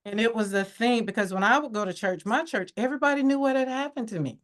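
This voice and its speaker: A woman's voice: a little high, fast. A woman as a podcast guest, telling her personal story in a candid, reflective way, livening up when she quotes others.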